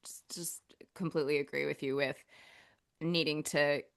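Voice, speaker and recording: A woman's voice: sits low, normal speed, creaky. A woman with an Australian accent, co-hosting a podcast in casual chat, chatty and prone to tangents. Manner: chatty, animated, wanders off on tangents. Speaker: podcast co-host.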